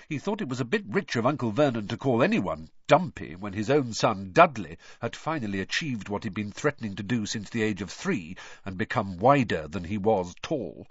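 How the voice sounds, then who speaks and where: A man narrating a storybook in an expressive, dramatic reading. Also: on the low side, moderate pace, husky, no room sound. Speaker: audiobook narrator. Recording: dry, slightly dull recording.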